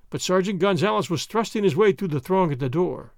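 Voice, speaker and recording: A man reads an old adventure novel aloud in a theatrical, expressive way. His voice is high for a man and very animated. The sound is dry and close to the mic. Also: brisk, dry recording. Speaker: narrator. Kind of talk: scripted audiobook narration.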